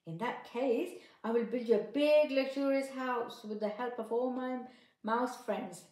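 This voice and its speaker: A woman voicing a small, pushy, wandering male mouse in a storybook with bright, pleading sing-song lines. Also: fairly high pitch, a little slow, pitched above the performer's own voice, close to an everyday voice. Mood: coaxing. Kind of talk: storybook narration. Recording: echoey room.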